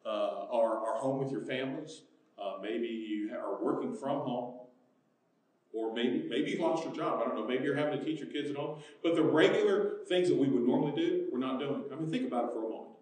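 A male pastor from the United States preaching a sermon, moving between hushed, soft passages and loud, emphatic ones. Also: mid-range voice. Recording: very echoey room, mic at a distance.

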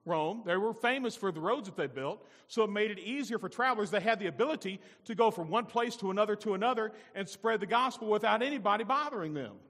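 High-voiced preacher in a big echoey hall. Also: male voice, fast talker, few pauses. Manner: animated preaching with rhetorical questions. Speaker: pastor. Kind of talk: sermon.

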